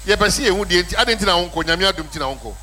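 A Ghanaian man hosts a radio talk show from the studio. His voice sits high and bright. He talks in an animated, playful way and slips freely between languages. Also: very fast. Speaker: radio host.

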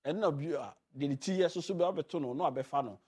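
A man hosting a radio talk show in a relaxed, chatty way, switching freely between languages. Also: fairly high pitch, fast talker, husky. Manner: mixes languages, chatty and loose. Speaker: radio host. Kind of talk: casual radio chat.

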